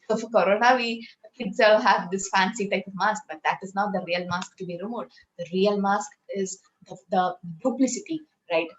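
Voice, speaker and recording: A woman's voice: mid-range voice, poor audio. A woman from India, teaching a scripture class in a conversational way and often checking with "right?".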